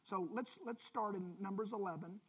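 A woman's voice: mid-range voice, normal speed, breathy edge. A woman leading an informal Bible lesson, speaking earnestly and directly to her class. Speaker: Bible study teacher.

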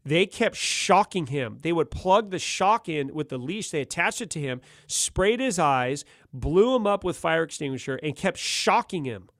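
A man's voice: on the high side, normal speed, few pauses, dry recording. Middle-aged guy spinning a crazy road story, voice jumping all over, laughs a lot, super dry close mic. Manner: laughs often, animated, slangy ("dude", "gnarly"). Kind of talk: casual storytelling.

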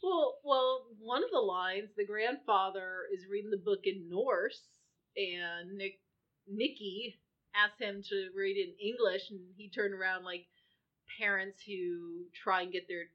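A woman's voice: mid-range voice, unhurried. Woman going over a movie plot, chatty, muffled lo-fi sound. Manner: recaps plot in detail. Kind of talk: casual movie review chat. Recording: dull lo-fi recording.

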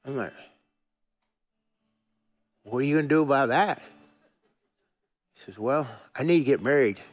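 A man's voice: mid-range voice, unhurried. A middle-aged male pastor telling a story in a sermon, folksy and chatty, often restarting and chuckling at himself.

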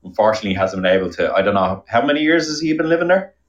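A man's voice: fairly low pitch, very animated, rapid-fire, lo-fi sound. A man with an Irish accent, a guest chatting casually on a podcast. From Ireland. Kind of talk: casual chat.

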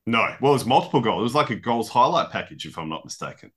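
A man co-hosting a casual sports podcast, chatty and quick to laugh, with mock-legal banter. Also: mid-range voice, sing-song, a bit bright. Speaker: podcast co-host.

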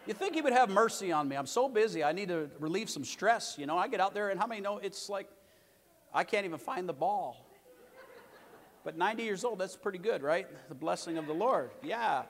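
A middle-aged male pastor preaching a sermon, telling lively stories with joking asides and calling out for amens. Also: high voice, a little fast. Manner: lively storytelling with joking asides and calls for amen. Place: large church sanctuary. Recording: long reverb of a big church hall.

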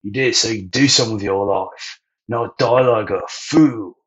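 A man's voice: lowish voice, moderate pace, fairly bright tone, natural voice. A man voicing a carefree, easygoing young male pirate who talks in a laid-back, cocky way. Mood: scolding. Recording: dull lo-fi audio.

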